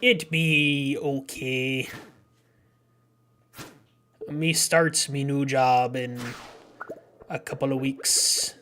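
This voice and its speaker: Brief: jolly pirate played by a male streamer, slow, halting, lilt slipping Scottish. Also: medium pitch, fairly bright tone, a little hiss or hum. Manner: halting, hunts for pirate words. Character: jolly male pirate greeting his crew. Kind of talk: playful put-on voice on a game stream.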